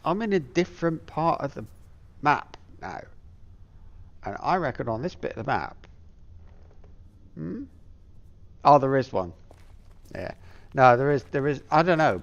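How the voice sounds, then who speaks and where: A man's voice: mid-range voice, sing-song, unhurried, vocal fry, pauses often, highs cut off. A middle-aged man from Plymouth, England, chatting casually over his gameplay and musing aloud with many fillers. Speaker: gameplay streamer.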